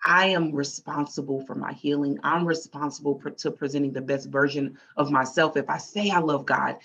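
A woman guest giving a candid, heartfelt faith testimony and acting out her past self in lively quotes. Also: low-pitched, moderate pace, vocal fry, husky, rough recording.

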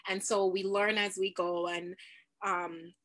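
A middle-aged woman hosting a live discussion, animated and laughing often as she talks to parents and viewers. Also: mid-range voice, slow. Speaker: host.

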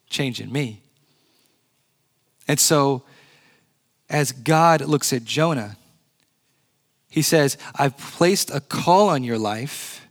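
A male pastor preaching a sermon in a church, earnest, slowing and dropping to a hush on key words. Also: medium pitch.

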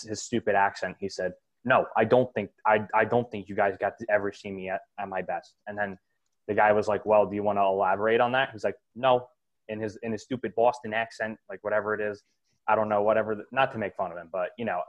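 Blunt, low-voiced man ranting about sports. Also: dull audio. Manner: blunt, opinionated, rambling with fillers. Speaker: sports podcast host. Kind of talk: casual sports talk.

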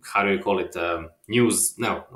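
Croatian-born guy chatting about his work, lots of restarts, trails off quiet, roomy echo. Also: deep voice, normal speed. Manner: hesitant, restarts often, trails off softly. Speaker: filmmaker guest. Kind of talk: casual interview chat.

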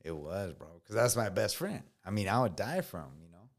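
A man's voice: lowish voice, big pitch swings, brisk. A man in his thirties, a veteran guest on a podcast, telling stories in a casual, slangy way, often swearing and saying bro. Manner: slangy, says bro a lot, swears freely.

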